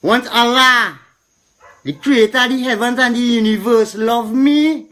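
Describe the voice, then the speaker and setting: A man's voice: very high voice, unhurried, sharp tone. A middle-aged man with a Trinidadian accent, complaining with indignation and repeating himself, rising to a preacherly tone. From Trinidad and Tobago. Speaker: citizen speaking out. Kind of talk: impassioned street complaint.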